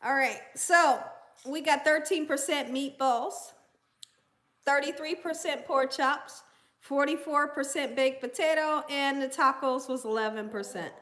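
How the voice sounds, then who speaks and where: This cooking channel host is a Southern American woman with a high, bright voice who talks a little slowly. Her casual livestream chat is chatty, as she reads viewer comments aloud and coos to her dogs.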